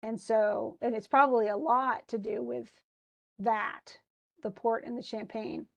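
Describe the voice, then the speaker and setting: A woman's voice: a little high, fairly even intonation, unhurried, creaky, highs cut off. A woman teaching a literature class, chatting about a play and reading lines aloud with frequent laughs. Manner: chatty, reads quotes aloud, laughs often.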